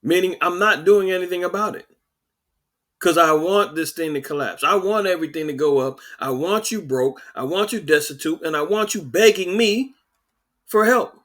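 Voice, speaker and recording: A man hosting a podcast, delivering animated, sarcastic political commentary with mocking asides. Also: high voice, moderate pace. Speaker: podcast host.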